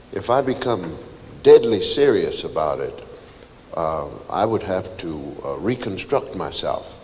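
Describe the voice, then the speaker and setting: Forties man, low and slow, halting reflective talk, crowd murmur and noise behind. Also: a little mellow, big-room sound. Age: 40s. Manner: halting, with many fillers.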